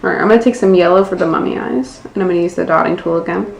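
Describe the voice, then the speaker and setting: A woman's voice: lowish voice, very fast, gravelly. An American woman in her twenties narrating a casual nail art tutorial, self-deprecating and swearing casually. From United States. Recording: echoey room, faint background noise.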